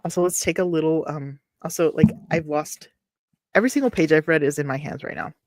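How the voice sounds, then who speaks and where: A woman's voice: deep voice, a little fast, no echo. A woman from Texas reading a novel aloud on her show, breaking off to ramble, apologize and make wry asides, close to a desk webcam at home. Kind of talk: casual read-along with commentary.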